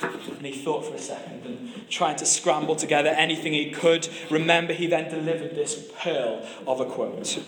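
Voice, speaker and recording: A man's voice: on the high side, moderate pace, a bit bright, echoey room. A man preaching a sermon, telling stories with humor and often restarting his phrases. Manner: storytelling with humor and repeated restarts.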